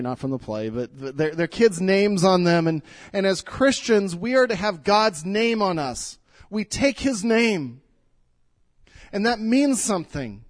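A man's voice: high-pitched, dry recording. A middle-aged male pastor giving an earnest, pleading sermon in church, often repeating words as he speaks.

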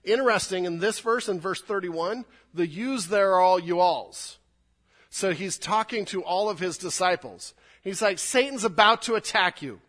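A man's voice: sits high, a little slow. A male pastor giving a sermon in a church, earnest and conversational, often repeating words for emphasis. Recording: long hall reverb.

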